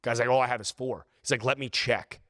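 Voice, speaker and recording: A man hosting a podcast, telling an exasperated travel story in a casual, animated way. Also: mid-range voice, fairly quick, no echo, studio quality. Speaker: podcast host.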